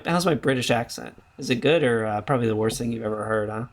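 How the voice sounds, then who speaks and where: A man's voice: medium pitch, fast talker, few pauses. A man streaming a game, talking in rambling casual commentary full of jokey asides. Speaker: gaming streamer.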